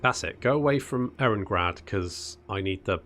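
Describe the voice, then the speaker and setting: A man's voice: lowish voice, animated, moderate pace, fairly bright tone, soft background music. A man hosting a casual strategy game let's-play, chatting and muttering to himself as he plays and calling his units "buddy". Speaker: gaming channel host.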